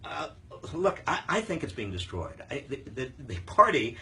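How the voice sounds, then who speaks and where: A man's voice: medium pitch, big pitch swings, normal speed, bright, forceful tone. An older man hosting a live viewer Q&A on politics, talking emphatically with frequent fillers and restarts. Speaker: host answering viewer questions.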